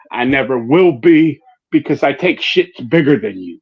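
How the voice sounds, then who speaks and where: A man's voice: mid-range voice, animated, normal speed, breathy edge. A man co-hosting a livestream, trading heated, profane threats and taunts. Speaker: co-host. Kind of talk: heated trash talk on a livestream. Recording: dull lo-fi stream audio.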